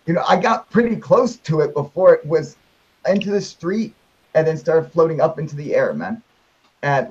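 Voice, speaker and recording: Excited, swearing young man with a husky voice. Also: a little high. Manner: excited, heavy swearing, filler-laden rambling. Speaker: show host telling his sighting. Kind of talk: casual storytelling on a live chat stream. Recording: muffled lo-fi stream audio.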